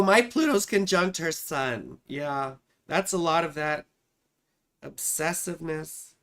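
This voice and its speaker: A woman's voice: low voice, a bit bright. A woman astrologer hosting a live stream, reading viewers' charts in a chatty, affectionate way and calling them sweetheart and darling. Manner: thinks aloud while searching for charts.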